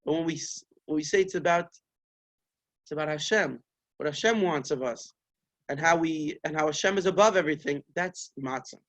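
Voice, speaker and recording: Male rabbi, storytelling sermon; high-pitched, lively, acts out the characters. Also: fairly quick. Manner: animated storyteller, voices the story's figures, Yiddish-flavored phrasing.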